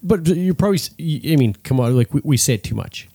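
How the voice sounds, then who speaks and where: A man's voice: fairly high pitch, lively intonation, fast talker, creaky, dark tone, slightly rough. A man co-hosting a casual podcast, chatty, who stumbles over restarts and readily agrees. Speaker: podcast co-host.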